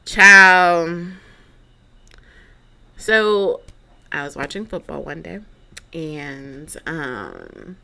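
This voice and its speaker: Young woman spilling dating drama, super animated, low-ish bright voice, lots of likes and mind-yous. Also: takes it slowly, creaky. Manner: chatty, dramatic, lots of fillers and asides. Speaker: podcast host. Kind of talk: casual storytelling monologue.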